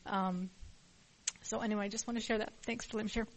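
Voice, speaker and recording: A middle-aged woman giving a personal share at a support meeting. She speaks earnestly and openly, her voice carrying emotion. Her pitch is moderate. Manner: earnest and open. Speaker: member sharing at a recovery meeting.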